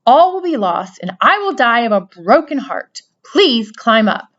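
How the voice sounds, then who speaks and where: A woman reading a storybook aloud, voicing an earnest young male pig who pleads loudly and desperately. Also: mid-range voice, animated, moderate pace, dull audio, close to an everyday voice.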